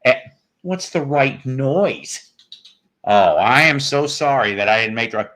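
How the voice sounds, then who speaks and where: A man's voice: medium pitch, animated, a little slow, a bit bright. A man hosting a casual live stream, rambling and joking with viewers with crude humor. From northern United States.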